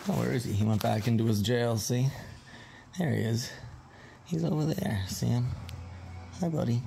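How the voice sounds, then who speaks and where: A dog trainer from Massachusetts chatting casually through a vlog, breaking into a high baby voice to talk to the dogs. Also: male voice, moderate pace, vocal fry, mellow, a little hiss or hum. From Massachusetts, USA.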